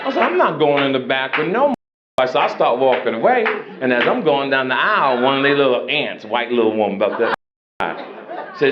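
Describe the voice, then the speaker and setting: A man in his sixties doing brash, crude, animated stand-up storytelling on a comedy club stage. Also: a little high, a little fast, over a noisy crowd. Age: 60s. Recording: roomy, muffled club sound. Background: loud audience laughter and noise.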